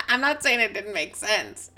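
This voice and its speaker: A woman's voice: medium pitch, very animated, a little slow, sharp tone, a little hiss or hum. A woman with an American accent from Colorado, co-hosting a podcast in casual chat and laughing often. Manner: giggly, chatty, laughs often. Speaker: podcast co-host.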